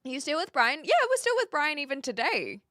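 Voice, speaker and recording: A woman's voice: high-pitched, very animated, fairly quick, sharp tone, no echo, clean studio sound. Chatty woman with a light Kiwi accent. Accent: light New Zealand. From New Zealand. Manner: chatty, laughs often, trails off mid-sentence. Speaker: streamer. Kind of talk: casual live-stream chat with viewers.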